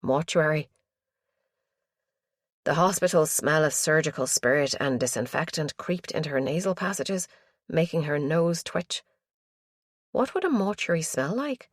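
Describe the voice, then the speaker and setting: A woman reading a crime thriller audiobook in a measured, suspenseful way. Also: deep voice, expressive, dry recording, studio quality. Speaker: audiobook narrator. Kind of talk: scripted narration.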